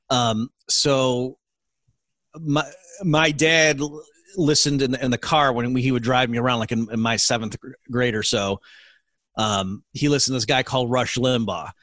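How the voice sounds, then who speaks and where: A man's voice: mid-range voice, fairly bright tone, no room sound. Earnest middle-aged man explaining, dry sound. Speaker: economist guest. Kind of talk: interview answers.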